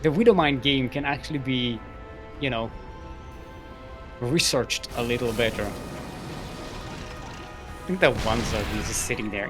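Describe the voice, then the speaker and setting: A man's voice: medium pitch, animated, measured pace, pauses often, music in the background. A man casting a live strategy game tournament, giving running commentary in a goofy, playful way and laughing at his own jokes. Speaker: esports caster.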